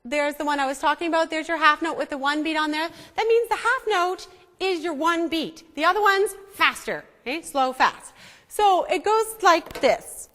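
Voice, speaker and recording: A woman's voice: very high-pitched, normal speed, pushed and bright. A woman teaching music to an audience, coaxing them along and checking in often. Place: church hall. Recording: echoey hall, imperfect sound.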